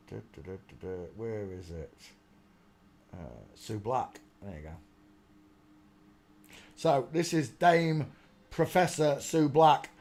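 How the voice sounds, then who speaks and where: Brief: male streamer, higher-pitched, rambling and sarcastic, laughs a lot. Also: a little mellow. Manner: rambling, mocking, bursts into laughter. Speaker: live stream host. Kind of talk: casual live-stream commentary.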